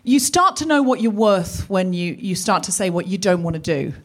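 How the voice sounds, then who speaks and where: A woman co-hosting a live comedy podcast, telling a self-mocking story in an animated way. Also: on the low side, moderate pace, a crowd in the background, noisy background. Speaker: co-host.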